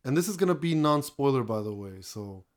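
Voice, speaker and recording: A man's voice: mid-range voice, very animated, fairly quick. A man co-hosting a casual movie review, retelling the plot with lots of fillers. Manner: chatty, retells plots with fillers. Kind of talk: casual chat.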